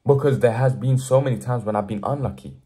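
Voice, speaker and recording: A man's voice: medium pitch, quick pace, mellow. A young man talking straight to the camera in an earnest motivational vlog, preaching hard work and building to emphatic pushes. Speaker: motivational vlogger. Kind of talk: direct-to-camera motivational talk.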